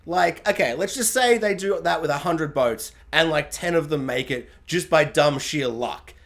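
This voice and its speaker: A man hosting a TV review, chatting casually in a sarcastic, jokey way with animated asides. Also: fairly high pitch, normal speed, gravelly. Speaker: TV review host. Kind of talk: casual spoilery review rant.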